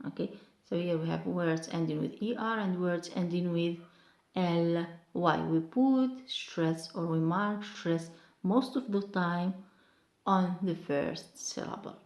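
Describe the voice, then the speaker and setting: Woman, English teacher, careful repetition, low voice, roomy echo. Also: darkish tone. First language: Arabic. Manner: slow, careful, repeats example words. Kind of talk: online pronunciation lesson.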